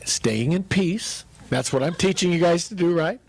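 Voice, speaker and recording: A middle-aged male pastor telling a humorous personal story in a relaxed, conversational sermon. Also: high voice, moderate pace, husky, no echo.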